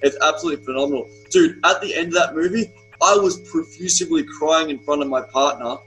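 Young man, retreat coach, podcast guest, blunt, emphatic, swears a lot, somewhat high voice, faint music behind. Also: fast talker, a bit bright, rough recording. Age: young adult. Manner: blunt, profane, emphatic storytelling. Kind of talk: podcast conversation.

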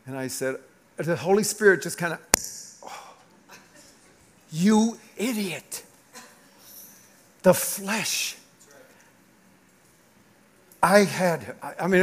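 A middle-aged man, a pastor, preaching a sermon through an animated, confessional personal story. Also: sits high.

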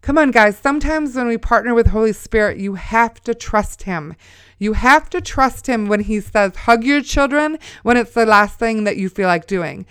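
Middle-aged woman, smooth voice, earnest Christian storyteller who exhorts listeners. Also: mid-range voice, moderate pace, fairly bright tone, no room sound, clean studio sound. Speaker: mother sharing a faith testimony.

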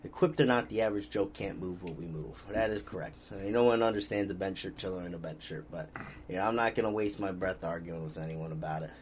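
Talking fast in a low-sitting voice, a man rambles through a relaxed podcast chat and reads out what viewers have commented. A faint hiss or hum runs underneath.

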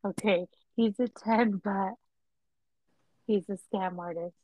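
A woman co-hosting a podcast chats casually at a slow, unhurried pace. She laughs easily and acts out the voices of the people in her stories. The recording is dry and close, with no room sound. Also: mid-range voice, steady tone, warm tone, no echo, poor audio. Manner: chatty, laughs often, acts out quoted voices. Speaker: podcast co-host.

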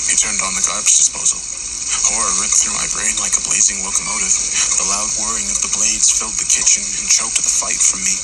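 A man narrating a horror story in the first person with a steady, grim delivery. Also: on the low side, background noise. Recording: loud music underneath.

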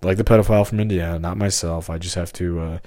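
A man with a very low voice drifts through a rambling solo podcast monologue. He hops from one thought to the next and cuts himself off mid-sentence. The sound is dry and close. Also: steady tone, fast, dark tone, no echo. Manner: meandering, jumps between topics, self-interrupting. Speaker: podcast host.

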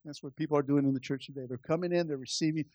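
A man's voice: on the high side, steady tone, very fast, darkish tone, no room sound, muffled recording. A man pastor preaching a conversational sermon, calling out to the church and building to impassioned stretches. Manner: impassioned, rising in volume.

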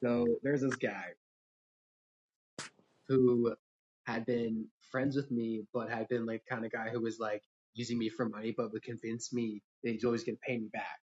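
Brief: easygoing man hosting a chat, husky voice, muffled lo-fi line. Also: mid-range voice, little pitch movement, normal speed, darkish tone. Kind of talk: casual chat.

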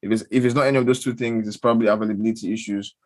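A man's voice: fairly low pitch, fairly even intonation, racing. A young man with a Nigerian accent co-hosting a podcast in casual, rambling, self-deprecating chat. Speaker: podcast co-host.

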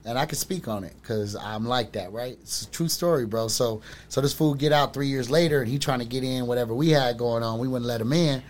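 A man's voice: mid-range voice, a little fast, few pauses. A middle-aged man in casual chat, telling long rambling stories in street slang. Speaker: storyteller on a podcast.

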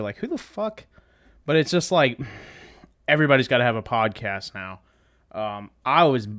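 A man's voice: fairly low pitch, fairly bright tone. A man hosting a podcast, ranting sarcastically and swearing constantly, with bursts of mocking voices. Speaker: podcast host. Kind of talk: profane comedic rant. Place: in a truck.

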